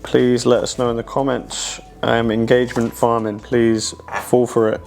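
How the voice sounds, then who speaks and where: A man's voice: medium pitch, flat delivery, moderate pace, vocal fry, darkish tone. A man, chatting casually in a cooking vlog, sweary, rambling and self-mocking in a home kitchen. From England. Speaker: pro fighter cooking on his channel.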